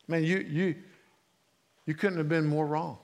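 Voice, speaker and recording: A man preaching a sermon in a conversational way, asking the congregation questions and swinging between loud and hushed delivery. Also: on the high side. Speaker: pastor.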